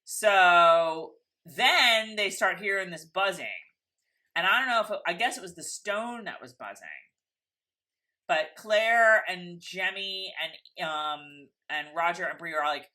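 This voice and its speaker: A woman's voice: fairly low pitch, a little slow, sharp tone. A woman co-hosting a casual TV recap, chatty and rambling, now and then acting out the characters' lines. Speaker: podcast co-host.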